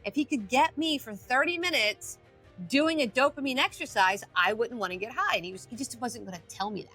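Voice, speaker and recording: A woman's voice: a little high, brisk, pushed and bright, faint music behind. A middle-aged woman telling her story casually as a podcast guest, acting out quotes with animation. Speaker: guest, addiction coach.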